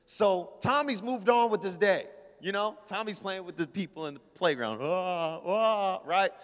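A man with a high voice preaching a storytelling sermon, casual and playful as he calls out to his congregation. His words ring out with a long reverb from the hall around him. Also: lively intonation, moderate pace, fairly bright tone. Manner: casual, playful, talks to the crowd. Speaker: pastor.

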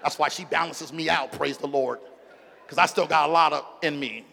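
A middle-aged male pastor preaching a sermon with call-and-response, moving from quiet asides to loud, shouted emphasis. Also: fairly high pitch, moderate pace, gravelly, a little hiss or hum. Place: church sanctuary. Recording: long hall reverb.

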